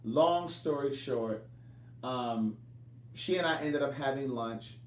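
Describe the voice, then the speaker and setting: A man's voice: medium pitch, takes it slowly, distant mic. A man who writes books, talking casually to his viewers and telling a long story. He rambles and keeps restarting his phrases. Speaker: author and vlogger. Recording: echoey room, voice from off-mic.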